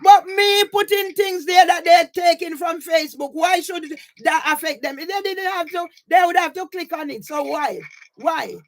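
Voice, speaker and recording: A woman's voice: extremely high pitch, normal speed. A woman in a heated phone argument, insistent and repeating herself as she demands money back. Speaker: caller disputing money.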